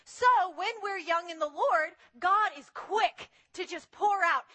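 A woman preaching a sermon in an animated way, acting out the voices she quotes. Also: extremely high pitch, slow pace.

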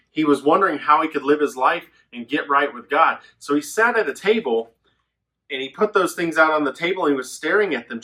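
A man teaching a children's Bible lesson, telling stories in a lively way and acting out the characters' lines. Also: fairly high pitch. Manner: animated storytelling with voices. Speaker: children's pastor.

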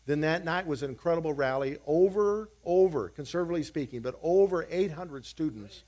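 A man's voice: fairly high pitch, expressive, fairly quick, a little mellow. A male pastor encouraging his congregation and giving church announcements. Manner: encouraging, declarative.

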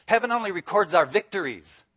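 A man's voice: sits high, lively intonation, brisk, fairly bright tone, slightly rough. A man preaching as a guest speaker, enthusiastic and emphatic, often breaking into laughter. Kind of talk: sermon.

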